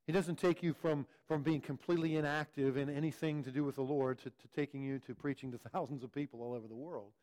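A man's voice: mid-range voice, fairly even intonation, fast, hardly any pauses, darkish tone. A man preaching a sermon, teaching in an earnest way and often repeating words as he restarts. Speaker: pastor.

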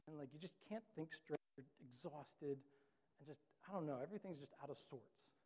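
A man's voice: fairly high pitch, normal speed, warm tone, husky. A young man preaching a sermon in a loose, chatty storytelling way, full of filler words. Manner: casual, storytelling with many "like" fillers. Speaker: pastor. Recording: long reverb of a large hall.

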